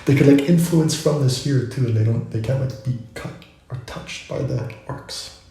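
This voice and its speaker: A man's voice: medium pitch, normal speed, warm tone, faint music behind. A man vlogging, musing in a loose, rambling way full of asides. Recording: very echoey room.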